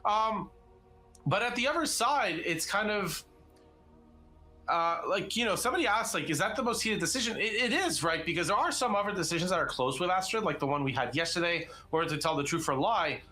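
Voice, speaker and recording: A man's voice: sits high, lively intonation, fairly quick, sharp tone, soft background music. A young man co-hosting a live stream, chatting casually and rambling with many fillers and restarts. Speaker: co-host of a live interactive show.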